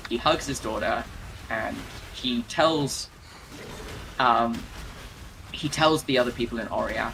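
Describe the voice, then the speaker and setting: A man's voice: mid-range voice, slow, vocal fry, long pauses, bright, forceful tone, slight background noise, rough recording. A man casually retelling game lore while playing, rambling with lots of fillers and restarts.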